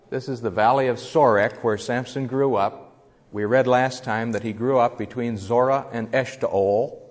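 A man giving a Bible lesson with slides, explaining in a conversational teaching manner. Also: mid-range voice. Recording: echoey hall with long reverb.

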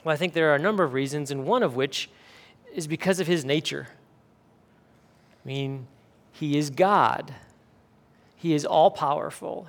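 Emphatic man preaching a sermon. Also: on the high side. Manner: emphatic, with rhetorical questions. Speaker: pastor.

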